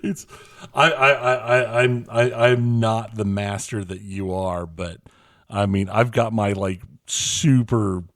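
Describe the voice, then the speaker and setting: A man's voice: lowish voice, fairly even intonation, takes it slowly. A man co-hosting a podcast in casual chat, laughing often and stammering through restarts. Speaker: podcast co-host.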